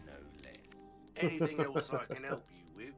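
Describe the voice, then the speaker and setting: An actor playing a sly hooded weapons merchant with a Cockney accent and smooth sales patter, in a video game. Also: male voice, mid-range voice, very animated, moderate pace, faint music behind, close to an everyday voice.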